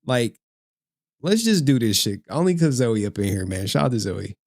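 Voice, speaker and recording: A man's voice: mid-range voice, very animated, normal speed, darkish tone, no echo, studio quality. A man hosting a casual livestream, talking to his chat in a slangy, profane way and laughing often. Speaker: streamer host.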